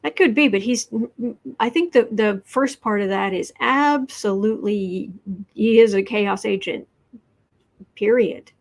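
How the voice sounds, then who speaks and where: A woman hosting a casual tarot livestream, chatting in quick asides and reading out viewer comments. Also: mid-range voice. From Midwestern United States.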